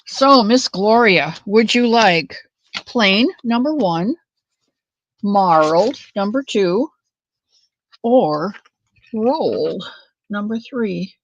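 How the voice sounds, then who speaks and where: A woman's voice: medium pitch, lively intonation, drawn-out words, pauses often, no echo, dull audio. A woman hosting a casual crochet livestream, chatting to viewers by name and drifting off onto side stories. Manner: chatty, addresses viewers by name, wanders off-topic. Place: home craft room.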